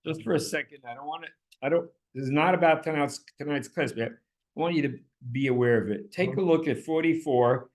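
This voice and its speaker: Man, Bible class teacher, somewhat high voice, passionate, repeats himself, restarts sentences. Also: brisk. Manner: passionate, voice leaps high when quoting pleas; repeats words, restarts often. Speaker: Torah teacher.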